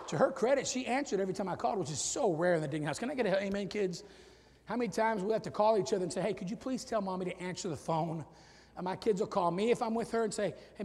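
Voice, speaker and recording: A middle-aged male pastor preaching a sermon, swinging from loud shouted peaks to low quiet asides. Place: church sanctuary with long reverb. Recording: reverberant church hall.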